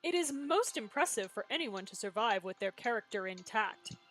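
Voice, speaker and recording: A woman voicing a polite male noble suitor in a story game, speaking formally and in a measured way. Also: medium pitch, animated, fairly bright tone, soft background music, pitched below the performer's own voice. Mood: courteous.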